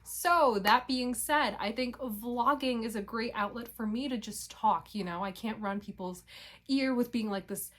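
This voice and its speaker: A woman's voice: fairly high pitch, measured pace, a bit bright. A young woman vlogging in casual chat, rambling and interrupting herself, with casual swearing.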